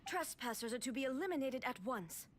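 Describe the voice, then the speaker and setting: A stern, emotionless puppet ruler in a video game, fairly high voice and flat, clipped commands with no warmth at all. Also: female voice, brisk. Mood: cold. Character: cold robotic puppet ruler, woman.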